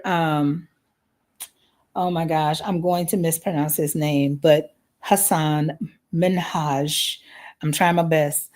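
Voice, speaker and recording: A woman's voice: sits low, a little mellow. A woman hosting a live parenting podcast from the United States, talking conversationally and often checking in with "right?". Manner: conversational, frequent "right?" tag questions.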